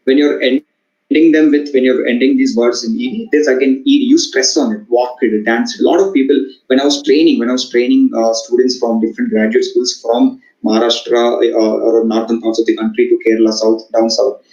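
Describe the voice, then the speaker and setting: A man's voice: medium pitch, steady tone, a little mellow. Indian guy teaching a class, lots of uhs and restarts, echoey muffled room sound. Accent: Indian English. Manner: halting, many "uh" fillers and repeated words. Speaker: communication trainer. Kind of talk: lecture to students.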